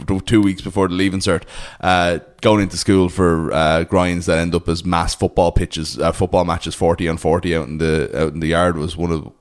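A man in his thirties with an Irish accent, co-hosting a casual podcast chat, a lively storyteller who laughs often and wanders off point. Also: low-pitched. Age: 30s. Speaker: podcast co-host.

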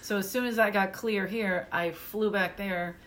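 A woman's voice: mid-range voice, normal speed, a little hiss or hum. A woman from Philadelphia, a comedian guest, telling stories in casual podcast chat and acting out the voices of the people in them. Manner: animated storyteller, acts out family voices.

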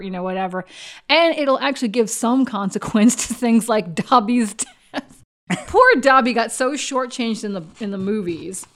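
Woman chatting casually, gets animated and laughs a lot, acts out quotes. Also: fairly high pitch, moderate pace. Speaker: fan chatting about books and films. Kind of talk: casual chat.

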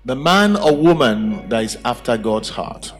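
A man's voice: mid-range voice, sing-song, unhurried, soft background music. A man preaching a sermon at a church service, emphatic and full of rhetorical questions. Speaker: pastor.

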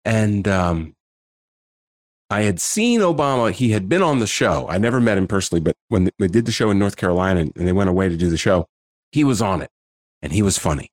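Deep-voiced man, lively storyteller. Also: a little fast, no room sound. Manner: animated storyteller, acts out dialogue. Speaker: guest. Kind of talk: casual interview storytelling.

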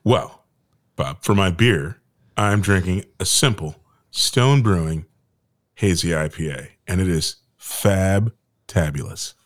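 A man's voice: low voice, takes it slowly. A man co-hosting a podcast, joking around with playful, goofy wordplay. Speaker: podcast co-host. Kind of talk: casual banter.

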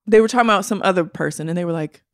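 A woman co-hosting a podcast in casual chat, emphatic and expressive, often checking in with her listener. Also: lowish voice, rapid-fire, dry recording, studio quality. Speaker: podcast co-host.

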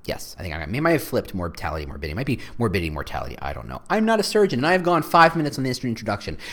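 A man's voice: fairly low pitch, wildly swooping pitch, very fast, fairly bright tone. A man hosting a solo podcast, talking in a joking, rambling, self-deprecating way. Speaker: podcast host.

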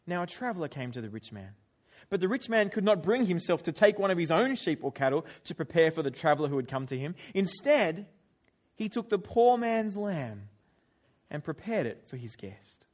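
A man's voice: fairly high pitch, normal speed. A young man preaching a sermon, retelling a scripture story and sharing personal stories, his voice rising for emphasis. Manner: animated storytelling, raises voice for emphasis.

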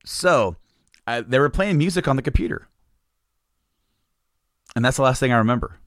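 A man's voice: mid-range voice, expressive, moderate pace, dry recording, studio quality. A man telling a long personal story in casual chat, rambling and restarting sentences, laughing often. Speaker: podcast guest telling a story.

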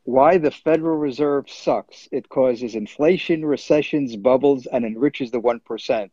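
A man in his seventies, a professor and economist, answering interview questions over a video call in a measured, hesitant way. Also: mid-range voice, dark tone, slightly rough, no echo. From born in Germany, raised in New Jersey. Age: 70s. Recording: dull, dry video call audio.

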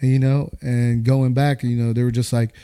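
Man, 30s, from the US, casual storytelling, animated, warm mellow tone. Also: medium pitch, moderate pace, clean tone. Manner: animated, acts out quoted voices, laughs while telling. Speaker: guest telling a war story.

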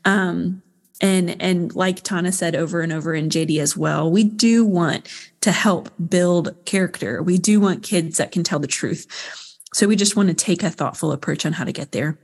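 A woman co-hosts a podcast in a fairly low voice, closing the episode in a measured way. She repeats phrases to drive her point home. A long reverb trails behind her voice. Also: a little mellow. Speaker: podcast co-host. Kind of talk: podcast wrap-up.

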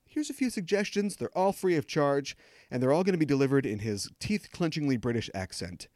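A man's voice: fairly high pitch, big pitch swings, brisk, a little mellow, no echo. A man hosting a podcast, delivering scripted news commentary with sarcastic, joking asides into a close studio mic. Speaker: podcast host.

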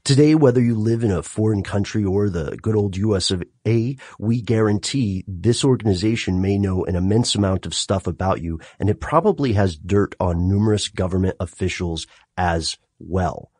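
A man co-hosting a podcast in casual chat, animated and quick to laugh. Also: on the low side, dry recording, studio quality. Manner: animated, laughs often, lively emphasis. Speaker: podcast co-host.

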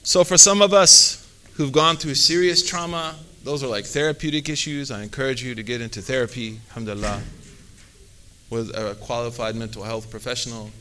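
A man's voice: mid-range voice, steady tone, a little fast, sharp tone, a little hiss or hum. A man, an Islamic teacher, giving a conversational religious talk, full of fillers and sprinkled with Arabic phrases.

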